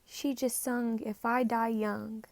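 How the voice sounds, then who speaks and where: A woman talking at home in a casual confessional monologue about a message she feels she received. She speaks haltingly, repeats phrases and sometimes drops to a near-whisper. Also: on the high side, flat delivery, a little mellow, no echo. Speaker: self-described spirit medium.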